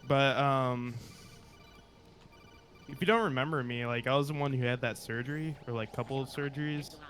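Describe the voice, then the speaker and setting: A man calling in to a live stream, speaking hesitantly with many pauses and ums. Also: mid-range voice, fairly bright tone. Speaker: caller. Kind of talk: call-in chat. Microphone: online voice call. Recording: noisy, choppy voice call.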